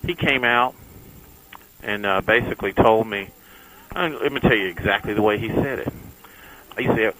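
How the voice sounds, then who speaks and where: A man's voice: fairly low pitch, normal speed, pauses often, pushed and bright, slight background noise, poor audio. A man, a motorcycle vlogger talking casually to viewers while riding his bike on the freeway, folksy and chatty. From Texas. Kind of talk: casual riding vlog chat.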